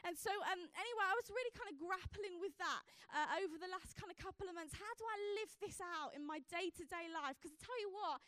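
A woman's voice: very high voice, a little fast, few pauses, bright, forceful tone, dry recording, studio quality. A young woman giving a chatty personal testimony from a church stage as a youth evangelist, with lots of fillers as she tells her story.

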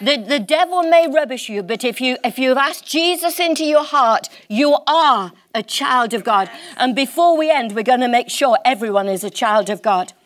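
A woman preaching a sermon in church, impassioned and emphatic, slowing down to stress key words. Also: high voice, lively intonation.

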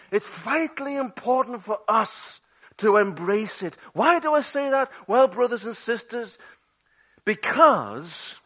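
A man preaching a sermon, swinging dramatically between loud outbursts and hushed, low passages. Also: slightly rough. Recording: dull lo-fi audio.

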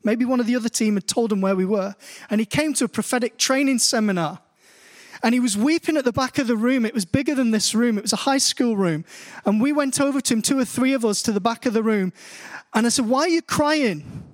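An earnest middle-aged male preacher with a notably high voice. He reads scripture steadily, then tells stories that build into passionate conviction, speaking to a congregation in a church hall. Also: fast talker. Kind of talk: sermon with scripture reading.

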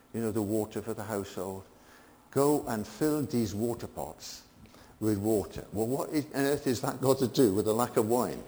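An older man preaching a sermon, swinging between emphatic peaks and quiet asides. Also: fairly low pitch, big-room sound, slight background noise.

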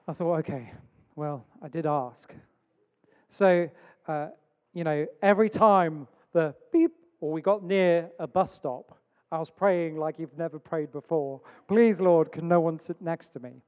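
A man's voice: on the high side, measured pace, a little mellow. A man from England preaching a sermon, telling a story with acted-out asides. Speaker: pastor. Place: church hall. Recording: long hall reverb.

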